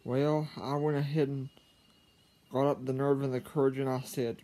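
A man telling a personal story to his viewers, halting, with frequent stammers and restarts. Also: mid-range voice, little pitch movement, warm tone. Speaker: vlogger. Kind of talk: casual storytelling to camera.

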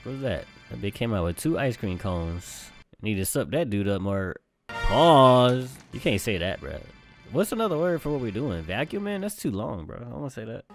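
Excitable young man swearing over a game. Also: mid-range voice, moderate pace. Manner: loud excitable swearing banter with slang. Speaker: gamer commentator. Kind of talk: casual let's-play commentary. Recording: game music behind.

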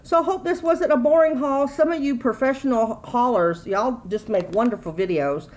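A woman's voice: on the high side, normal speed, a little mellow, poor audio. A middle-aged woman, chatting casually and rambling through a grocery haul at home. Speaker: YouTube vlogger.

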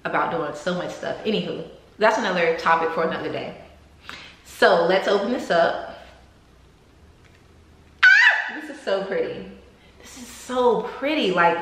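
A woman's voice: medium pitch, fairly bright tone. A young woman vlogger chatting casually and gushingly to camera while unboxing gifts, saying "like" and "y'all" a lot. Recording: echoey room with faint noise.

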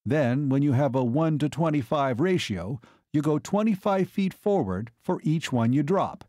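A man's voice: fairly high pitch, lively intonation, normal speed, dark tone, no echo, clean studio sound, voice pushed up, lightly acted. A man voicing a keen male glider pilot, explaining and giving orders in an audiobook. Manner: explaining, then urgent.

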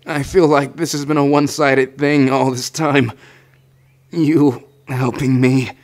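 A man voicing a shy, anxious young man in a whispered role-play, speaking softly and hesitantly. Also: mid-range voice, fairly even intonation, a little slow, close to an everyday voice. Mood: tender, insecure. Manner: soft, hesitant, flustered stammering. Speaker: ASMR roleplayer.

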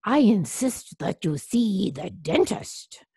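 A man's voice: sits high, sing-song, slow, warm tone, breathy edge, no echo, studio quality, voice pushed up, exaggerated voice. A woman voicing a loyal male butler who firmly insists in a storybook reading. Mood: insistent. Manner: firm, insisting.

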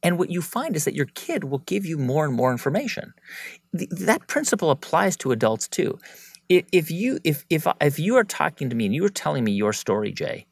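Podcast guest, man, lively swinging delivery, dry close mic, reflective. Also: a little high, brisk, creaky, slightly rough, dry recording. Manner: reflective, animated when acting out examples. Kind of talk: conversational interview.

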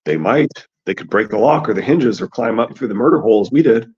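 A man voicing a grave, solemn boy seer in a grim, level, measured voice. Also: mid-range voice, lively intonation, a little mellow, husky. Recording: dull lo-fi recording.

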